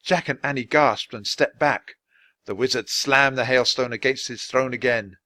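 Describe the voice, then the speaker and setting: A man reading a children's storybook aloud, slowly and deliberately for English learners. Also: mid-range voice, sharp tone, no echo. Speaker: storybook reader.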